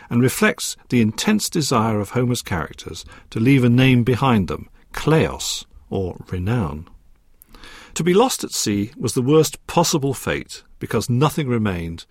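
A man giving a recorded academic lecture in a measured, precise and scholarly way. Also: mid-range voice, husky, no echo, clean studio sound. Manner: measured, precise and scholarly, with a lively rising and falling delivery.

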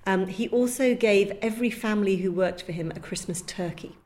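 A woman recounts a historical anecdote in an engaged, natural way. Her voice sits at an ordinary middle pitch. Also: fairly quick, darkish tone. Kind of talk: interview storytelling.

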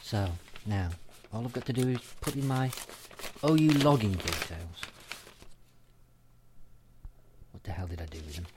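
A man's voice: on the low side, expressive, brisk, noisy background, lightly acted. An actor playing an exasperated man fighting his computer. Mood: frustrated. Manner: exasperated, sarcastic.

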